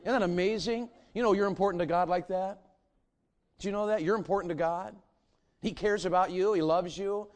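Animated preacher. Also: male voice, high voice, brisk. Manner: animated, rhetorical questions to the congregation. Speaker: pastor. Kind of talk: sermon.

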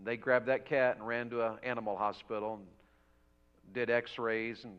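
A man preaching a revival sermon in a church, telling a homey story and building to loud, fervent exhortation. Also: mid-range voice, level tone, normal speed, clean tone. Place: church sanctuary. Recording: dull lo-fi church audio.

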